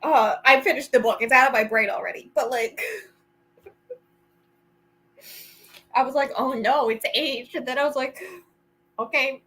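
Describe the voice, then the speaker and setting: A chatty woman with a slightly high voice, talking casually as she hosts a reading sprint. She rambles from thought to thought and breaks into giggles often. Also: moderate pace, long pauses, pushed and bright, low-quality recording. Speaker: vlogger hosting reading sprints. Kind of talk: casual chat to a friend.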